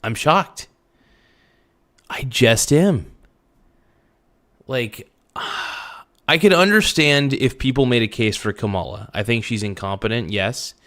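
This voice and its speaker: This is a casual livestream rant from a young male host who speaks bluntly to his chat, swears, and keeps restarting. His voice sits at medium pitch, slow and fairly bright in tone.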